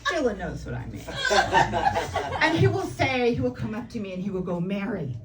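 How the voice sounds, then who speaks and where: Brash, animated woman doing stand-up. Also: on the high side, brisk. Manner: brash, animated, laughing at her own jokes. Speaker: stand-up comedian. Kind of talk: stand-up comedy set. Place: comedy club stage. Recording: distant mic with noisy room.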